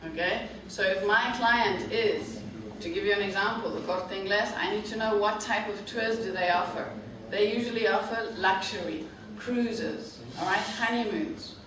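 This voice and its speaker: In a university classroom, a woman who directs a tour operator presents to students as a guest lecturer, speaking slowly and clearly with frequent "okay?" check-ins. Her voice is mid-range, and the echoey recording from a distant mic carries crowd noise and faint noise.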